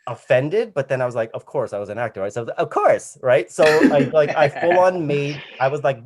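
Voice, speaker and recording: Man, storyteller, animated, mid-pitched, acts out voices. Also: a little fast, a little hiss or hum. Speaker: comedian guest. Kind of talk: storytelling anecdote. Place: home video call.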